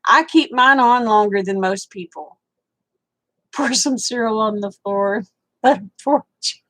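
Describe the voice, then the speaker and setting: A woman's voice: a little high, takes it slowly, a bit bright, rough recording. An older woman, sleepy and yawning, chatting casually on a livestream and answering viewers' comments. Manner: drawling, chatty, reads viewer comments aloud. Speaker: livestream host.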